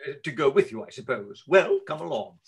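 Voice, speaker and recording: A man reading a part aloud in a live play reading, blustering and gruff. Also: fairly high pitch, lively intonation, a little fast. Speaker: volunteer reader playing Sir Anthony.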